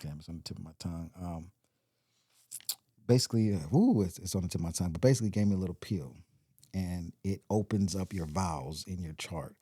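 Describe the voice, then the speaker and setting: Podcast guest: low-pitched man with a mellow tone and a dry close sound, rambling through a story. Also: brisk, husky, no echo. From Compton, California. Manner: rambling, animated retelling with quoted voices. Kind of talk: storytelling in casual interview.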